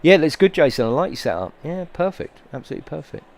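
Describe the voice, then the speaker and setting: Quick and sing-song, this middle-aged British man speaks in a highish, creaky, darkish voice over a faint hiss or hum. Chatting casually on his sim racing live stream, he tells rambling, sweary stories and grows heated.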